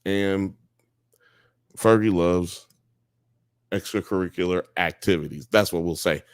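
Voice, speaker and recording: A man's voice: sits low, measured pace, no echo, studio quality. A man hosting a live show, reading chat comments and joking around in a loose, profane, casual way.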